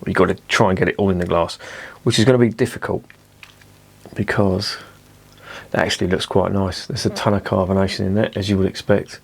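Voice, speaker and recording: A man's voice: deep voice, fairly even intonation, fairly quick, creaky, husky. A man casually reviewing a beer at home, chatty and self-mocking, swearing freely. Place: indoors at home with curtains drawn.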